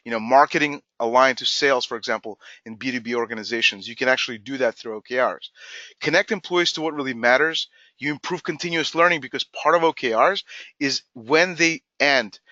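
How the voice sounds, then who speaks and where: Man presenting a webinar, energetic and emphatic, bright tense voice, dry lo-fi sound. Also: medium pitch, brisk, no room sound. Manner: energetic, emphatic, acts out quoted dialogue. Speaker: company CEO presenting a webinar.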